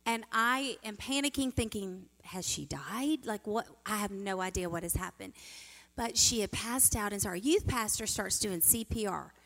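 A middle-aged woman giving a sermon as a guest speaker, telling stories in an animated way and acting out the quotes. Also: medium pitch, normal speed. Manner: animated, storytelling, acts out quotes. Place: church sanctuary. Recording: reverberant church hall.

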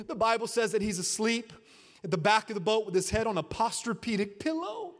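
A male pastor preaching a sermon with dramatic swings from shouts to hushed asides and repetitive, rhythmic phrasing. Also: high-pitched, animated, fairly quick, big-room sound.

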